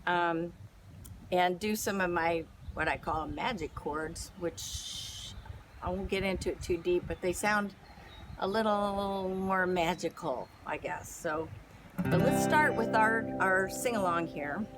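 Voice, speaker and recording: A guitar teacher and singer gives a casual lesson, explaining chords in a chatty, rambling way full of fillers. Her voice sits on the low side and moves slowly, with guitar playing behind her.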